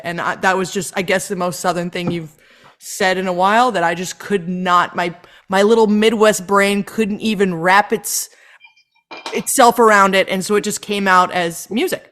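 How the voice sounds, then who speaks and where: A woman from North Dakota hosting a podcast, telling a story in casual roundtable chat with lively, swearing delivery. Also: mid-range voice, moderate pace. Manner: animated storytelling, swears freely. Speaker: podcast host.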